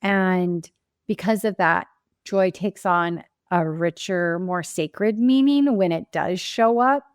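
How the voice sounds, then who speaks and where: A woman's voice: fairly low pitch, takes it slowly, clean tone, dry recording, clean studio sound. A woman grief coach answering interview questions in an earnest, emphatic and reflective way. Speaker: grief coach and podcast guest.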